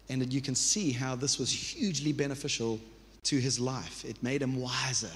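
A man's voice: mid-range voice, normal speed, a bit bright, slight background noise. A man in his thirties preaching a sermon as pastor, earnest and conversational, with restarts and repeated phrases. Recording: reverberant church hall.

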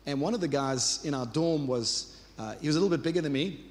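A pastor in his thirties preaches in a warm, conversational way, doubling back on words as he builds each point. His voice sits a touch high for a man. It carries a long reverb, as if from a church hall. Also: quick pace. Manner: earnest, conversational preaching with repetitions and asides. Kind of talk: sermon.

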